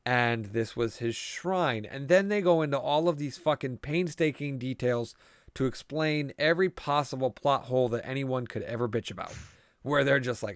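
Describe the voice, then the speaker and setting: A man's voice: medium pitch, moderate pace, clear, resonant tone, no room sound. Profane man recapping a movie, dry sound. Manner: profane, rambling storyteller. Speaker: podcast co-host. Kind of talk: casual movie recap chat.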